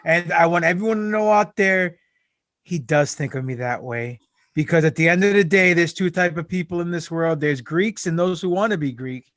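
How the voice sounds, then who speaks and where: A man's voice: a little high, normal speed, fairly bright tone, dry recording, studio quality. A man guesting on a podcast, boasting and joking while staying in his wrestling persona. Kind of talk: casual chat.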